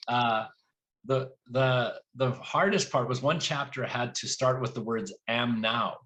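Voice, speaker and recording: A man in the middle register, an author guest at a live library event. He tells stories in a lively way and drops quoted asides into them. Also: medium pitch, measured pace.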